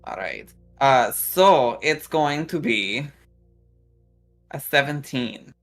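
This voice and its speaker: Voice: medium pitch, lively intonation, takes it slowly, fairly bright tone, faint music behind. A player at a tabletop game describing a creation, rambling and searching for words.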